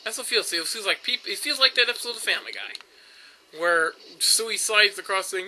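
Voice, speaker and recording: A man's voice: high-pitched, big pitch swings, normal speed, bright, forceful tone, slight background noise, low-quality recording. A young man casually commenting while playing a video game, rambling with frequent fillers and restarts. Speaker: gameplay commentator. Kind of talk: casual let's-play commentary.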